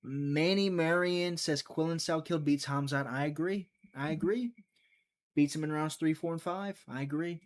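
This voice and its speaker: A man's voice: fairly high pitch, fairly even intonation, moderate pace. A man from Mississippi, hosting a casual livestream and thinking aloud in a rambling, sarcastic way. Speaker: livestream host making fight picks.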